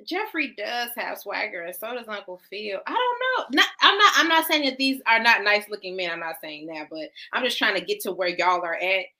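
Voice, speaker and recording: A woman's voice: mid-range voice, sing-song, a little fast, few pauses, sharp tone. A woman co-hosting a casual podcast chat, hesitant and repeating herself as she talks. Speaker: podcast co-host.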